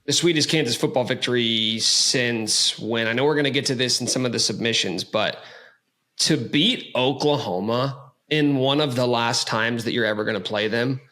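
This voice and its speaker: A man hosting a casual sports podcast, talking in an energetic, joking way. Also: medium pitch, normal speed. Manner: energetic, hyped, jokey. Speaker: podcast host.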